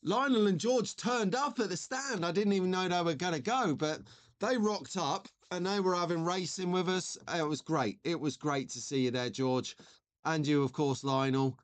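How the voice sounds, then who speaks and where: Speaking at a normal pace in a high-sitting voice, a man in his forties chats loosely on his live stream and reads out messages from viewers.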